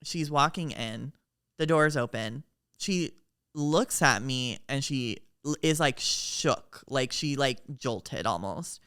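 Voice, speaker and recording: This is a woman co-hosting a chatty podcast with a low, smooth voice. Her pitch leaps around as she tells a story in an excitable, casual way, cursing freely. The mic sound is close and dry. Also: slow, dry recording. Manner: animated, excitable, swears casually. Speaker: podcast co-host.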